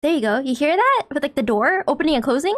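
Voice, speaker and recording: A young adult woman streaming from home, chatting straight to her viewers in an excitable, giggly way. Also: high-pitched, quick pace. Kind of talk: casual livestream chat.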